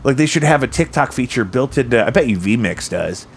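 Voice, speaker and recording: A man's voice: medium pitch, expressive, fairly quick, a little hiss or hum. A man hosting a casual livestream chat from his home basement, rambling and teasing. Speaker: podcast host.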